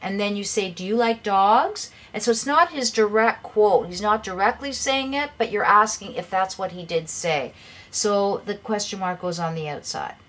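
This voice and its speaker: A woman's voice: medium pitch, normal speed, a bit bright. Patient woman explaining grammar. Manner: patient and explanatory, reads example sentences aloud with stress. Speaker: English teacher. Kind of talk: explaining grammar rules in an online lesson.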